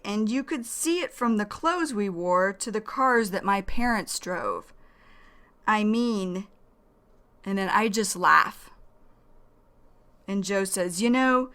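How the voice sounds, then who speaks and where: A woman with a Northern US accent talks at an unhurried, careful pace, like a teacher explaining English words one at a time. Her pitch sits in a middle range, and she repeats each key term to let it sink in. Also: expressive, bright, forceful tone. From United States. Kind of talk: slow explanatory language lesson.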